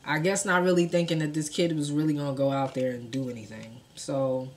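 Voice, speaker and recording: A young woman telling a true crime story to her viewers in casual, profane speech, acting out the quotes with sudden jumps in loudness. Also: sits low, fairly quick. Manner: animated, profane, acts out quotes with big swings in loudness.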